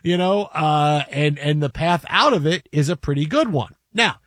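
A man hosts a casual sports talk show, slightly high in pitch. He is chatty and steers the talk with playful mock grandness. The sound is dry and close. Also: animated, normal speed, a bit bright, dry recording.

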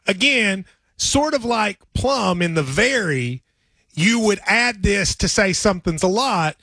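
A man from Appalachia, explaining folksy sayings in casual chat with quick laughs. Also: high voice, lively intonation, pushed and bright, no room sound.

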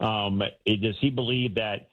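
A man's voice: lowish voice, normal speed. A man co-hosting a sports radio show by phone, talking casually and with animation, often repeating words as he gets going. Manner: animated, colloquial, repeats words when excited. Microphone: phone line. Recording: phone-line call-in audio.

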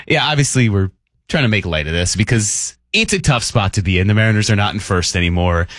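A man hosting a morning sports radio show, talking quickly and casually and laughing often. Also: fairly low pitch, expressive, a bit bright, no echo, clean studio sound.

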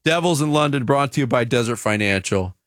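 A man's voice: mid-range voice, brisk, dry recording, studio quality. A man hosting a sports radio show, joking with co-hosts and a contest winner. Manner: lively, joking, animated.

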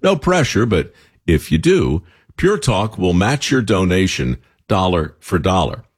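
A man reads a radio ad in a wry, chatty way. His voice is husky and a bit low, and his pitch moves around a lot. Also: sing-song, measured pace. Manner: wry, conversational. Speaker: ad narrator. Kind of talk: read radio ad.

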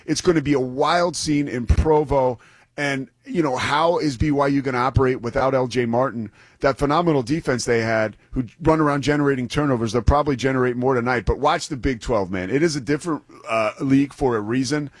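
A play-by-play broadcaster co-hosts a sports talk show, trading radio-style banter in an enthusiastic, rambling, self-deprecating way. His medium-pitched voice runs a little fast, with no echo.

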